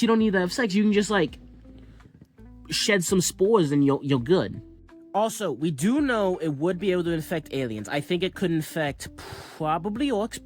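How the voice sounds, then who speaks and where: Rambling man with faint music behind. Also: on the high side. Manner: rambling, filler-heavy, many restarts. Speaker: commentator. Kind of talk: casual speculative monologue.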